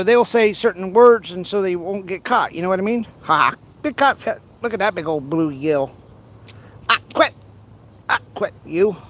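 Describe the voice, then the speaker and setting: A man's voice: high-pitched, a little hiss or hum. A man casually chatting to his livestream viewers while fishing outdoors, rambling with many restarts and playful teasing. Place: outdoors by a pond.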